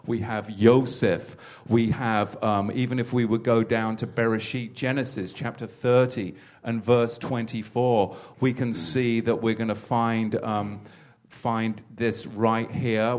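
A man's voice: mid-range voice, steady tone, unhurried, a little mellow. Male host leading a talk on Hebrew. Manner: repeats words while finding his phrasing. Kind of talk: interview and religious teaching talk.

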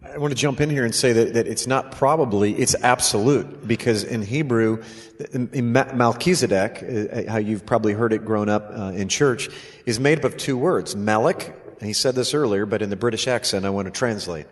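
A man's voice: on the low side, moderate pace. A man co-hosting a scripture discussion, explaining emphatically and restarting his phrases. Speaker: co-host. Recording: long hall reverb.

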